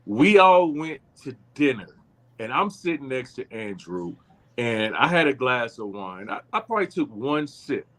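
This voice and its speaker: A man, an actor guest on a podcast, telling funny stories with animated delivery and frequent laughter. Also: mid-range voice, unhurried. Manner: animated storyteller, laughs often. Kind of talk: casual podcast interview.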